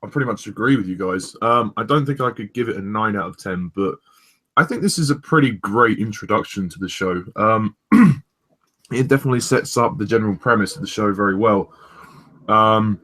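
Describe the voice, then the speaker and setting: A young man hosting a casual review chat, rambling with many pauses and restarts. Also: on the low side, animated, a bit bright. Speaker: host of a review discussion.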